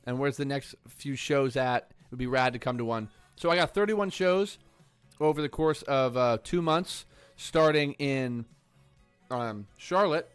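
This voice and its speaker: A man, a musician, chatting casually and excitedly with viewers on a livestream. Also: medium pitch, clean tone, no room sound. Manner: upbeat, rambling, excited.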